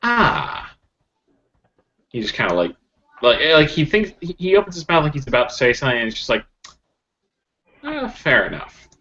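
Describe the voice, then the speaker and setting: A man's voice: mid-range voice, animated, racing, a bit bright. A man narrating a tabletop role-play as game master, laughing often and talking with many fillers. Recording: dull lo-fi mic with faint noise.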